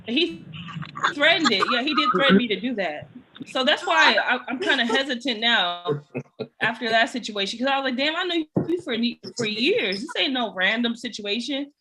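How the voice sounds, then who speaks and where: A woman's voice: on the high side, lively intonation, moderate pace, bright, forceful tone, a little hiss or hum. A woman co-hosting a radio chat, talking bluntly and candidly and swearing freely. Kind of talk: casual chat.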